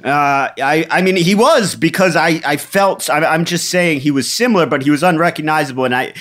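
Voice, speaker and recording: A man's voice: fairly high pitch, brisk, fairly bright tone. A man co-hosting a comedic podcast, rambling with many stammering restarts. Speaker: podcast co-host.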